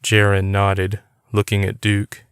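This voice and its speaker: A man narrating an audiobook in a steady, even reading. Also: on the low side, takes it slowly, smooth, no echo, studio quality. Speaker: audiobook reader.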